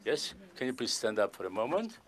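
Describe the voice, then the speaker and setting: Playful stage magician with lively pitch. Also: male voice, brisk, crowd noise. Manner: playful, polite and formal, joking with the volunteer. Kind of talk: stage magic performance with audience volunteer.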